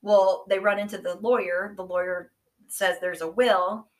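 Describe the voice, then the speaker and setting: A woman co-hosting a casual book podcast, retelling a plot in an animated, profane way. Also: mid-range voice, unhurried. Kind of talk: casual book recap chat.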